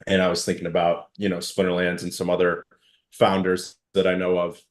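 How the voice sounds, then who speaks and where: A man's voice: deep voice, monotone, brisk. A man hosting a casual live audio chat and talking at length in loose, meandering explanations as a startup founder.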